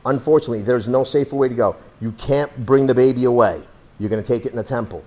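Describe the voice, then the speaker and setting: A male self-defense instructor walks his students through a demonstration in a blunt, streetwise way, swearing casually as he explains each move. His voice sits at an ordinary middle pitch. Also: fast talker, warm tone. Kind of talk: hands-on demonstration lesson.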